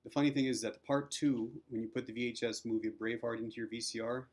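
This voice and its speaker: A man's voice: mid-range voice, steady tone, quick pace, darkish tone. A middle-aged man giving casual spoken Bible teaching, chatty and rambling, acting out quotes as he retells a scene. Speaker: Christian video teacher.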